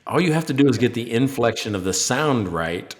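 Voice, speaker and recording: A man's voice: medium pitch, animated, fairly quick. A man co-hosting a podcast, chatting casually in a rambling, joking way and trailing off while he hunts for words. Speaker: podcast co-host. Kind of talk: casual chat.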